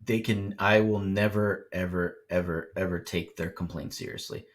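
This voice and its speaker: A man's voice: low voice, fairly even intonation, moderate pace. A young man co-hosting a sports podcast, talking casually and ranting with laughs. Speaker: podcast co-host.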